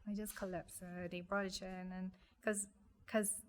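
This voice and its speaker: A young woman, telling a personal story in an interview, speaking softly and haltingly with many restarts. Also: mid-range voice, level tone. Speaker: guest.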